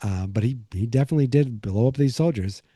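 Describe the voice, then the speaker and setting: A man's voice: mid-range voice, fast, mellow, husky, no room sound, clean studio sound. A man hosting a podcast, recapping an episode in a loose, casual way, full of fillers and restarts. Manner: rambling, many fillers and restarts. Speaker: podcast host.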